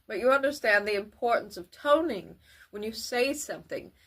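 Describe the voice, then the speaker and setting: A woman giving a grammar lesson for children, with careful, formal wording and deliberate delivery. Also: a little high, expressive, fairly bright tone. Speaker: teacher.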